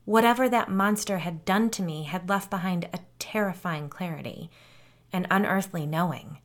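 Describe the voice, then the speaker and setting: A woman's voice: fairly low pitch, moderate pace. Woman narrating a first-person audiobook.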